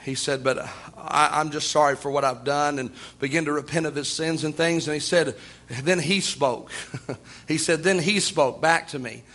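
A man's voice: a little high, normal speed, a bit bright. A man preaching a sermon in a folksy storytelling way, often chuckling and repeating "oh my".

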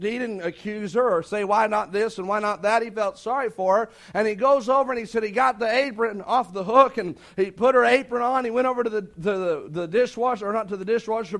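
High-voiced man preaching a folksy sermon. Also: a bit bright. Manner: folksy, retelling anecdotes with quoted dialogue. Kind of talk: sermon storytelling.

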